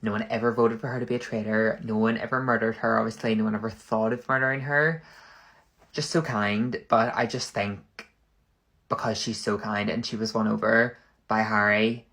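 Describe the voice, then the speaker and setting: A man, rambling through a casual comedic monologue full of "like" and quick backtracking. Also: on the low side, steady tone, gravelly, a bit bright. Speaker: content creator.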